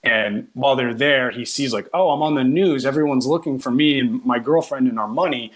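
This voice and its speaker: A man's voice: medium pitch, a little fast, a crowd in the background. A man co-hosting a casual film podcast, retelling a movie's plot with amused, laughing disbelief. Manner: animated storytelling, laughing at the film. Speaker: podcast co-host reviewing films. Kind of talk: casual chat.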